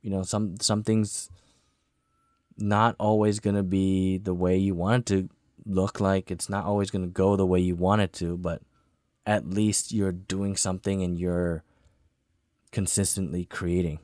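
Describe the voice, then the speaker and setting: A man's voice: low-pitched, level tone, a little slow, darkish tone, no room sound, clean studio sound. A man chatting as a podcast guest, laid-back and full of "you know" fillers. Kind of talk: casual podcast chat.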